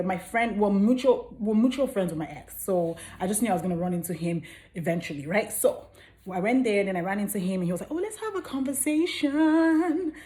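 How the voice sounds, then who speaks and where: A young woman tells a story to her phone's front camera in a relaxed, chatty way. Her delivery is playful and animated, and now and then she breaks into high, silly bursts. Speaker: vlogger telling a story. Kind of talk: casual storytime chat.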